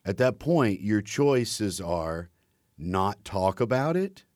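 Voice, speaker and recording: A man's voice: on the low side, sing-song, slow, darkish tone, no room sound, clean studio sound. A male stand-up comedian with a Southern US accent, talking through ideas in a casual, analytical way. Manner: analytical, building an argument. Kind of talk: casual conversation.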